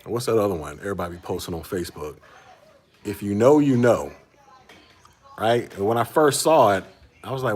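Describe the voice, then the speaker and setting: A man's voice: fairly low pitch, animated, brisk, pauses often, a little mellow, slightly rough. A man in his forties, a livestream host, chatting casually with viewers in a laid-back way and laughing often. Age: 40s.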